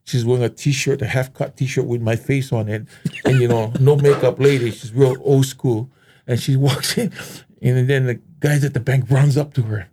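A middle-aged man from Hawaii speaks, at an average pitch for a man. He tells stories in a loose, animated, laid-back way, as a guest in a casual interview. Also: normal speed. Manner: animated, laid-back storyteller who slips into voices.

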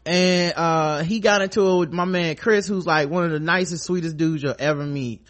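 A man's voice: on the high side, steady tone, normal speed, a bit bright. A male podcast host in casual comedic chat, acting out quoted voices and reading news aloud.

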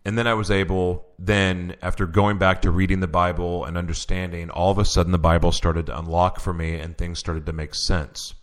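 A man's voice: low voice, flat delivery, fairly quick, hardly any pauses. A man who is a guest on an interview show, telling a personal story in an earnest way, with many restarts. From Oklahoma.

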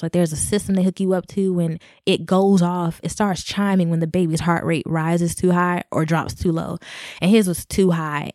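Young woman podcaster, lower-pitched voice, dry close mic, chatty storyteller who laughs a lot. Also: no room sound. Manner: animated, laughing often, addresses listeners as y'all. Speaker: podcast host. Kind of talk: casual storytelling.

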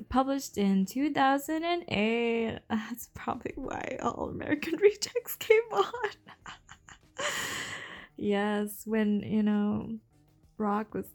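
Giggly woman reading a novel aloud. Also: mid-range voice. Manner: giggly, breaks off to comment and laugh; drops to a whisper for hushed passages. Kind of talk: casual read-aloud with chatty asides. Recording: soft background music under the voice.

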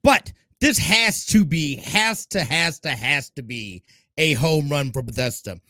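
A man's voice: fairly high pitch, animated, unhurried, bright, forceful tone, dry recording, clean studio sound. A man hosting a gaming podcast in casual, upbeat, emphatic chat. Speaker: podcast host.

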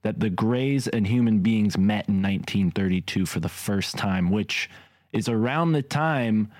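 A man with a fairly low voice hosts a loose podcast conversation. He rambles and laughs a lot. The sound is dry and close. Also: measured pace, a little mellow, no echo. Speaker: podcast host. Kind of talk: casual podcast chat. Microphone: remote call mic.

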